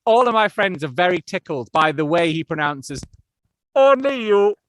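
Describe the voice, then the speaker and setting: A man's voice: a little high, lively intonation, fairly quick, fairly bright tone, no room sound. A young man who narrates audiobooks, talking casually as a podcast guest and thinking aloud with frequent restarts. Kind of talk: casual interview chat.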